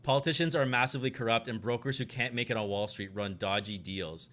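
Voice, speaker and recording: A man's voice: mid-range voice, fast talker, a bit bright. A man hosting a tabletop game stream, chatting casually and reading setting text aloud. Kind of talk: casual chat.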